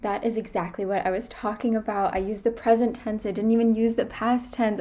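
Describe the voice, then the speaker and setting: A woman's voice: medium pitch, little pitch movement, a little fast, hardly any pauses, mellow. A young woman chatting casually in a vlog, self-deprecating and now and then trying out phrases in a second language. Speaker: vlogger.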